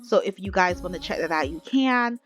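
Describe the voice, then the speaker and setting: A woman's voice: on the low side, animated, brisk. A woman vlogger narrating her life-sim gameplay in a chatty way, talking straight to her viewers. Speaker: gaming vlogger.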